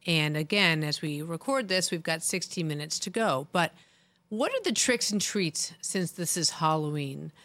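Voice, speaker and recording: Low-pitched woman hosting sports chat, jokey, dry mic. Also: animated, moderate pace, a bit bright, no room sound. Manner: playful, bantering. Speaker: podcast co-host.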